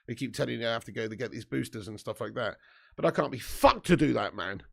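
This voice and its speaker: A man's voice: medium pitch, lively intonation, fast talker, vocal fry. A man, just woken up and hosting a sweary, jokey live football watch-along, reading out viewer comments. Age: 30s. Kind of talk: casual live-stream chat and match commentary.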